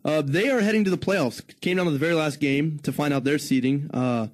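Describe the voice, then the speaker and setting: A man co-hosting a casual radio show, relaxed and hesitant, with many fillers. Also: fairly high pitch, fairly quick.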